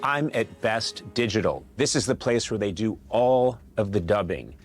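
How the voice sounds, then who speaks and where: Lively jokey guy hosting a travel comedy show, voice jumps around a lot. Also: lowish voice, moderate pace, over loud music. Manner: playful, jokey, animated. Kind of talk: comic travel show banter.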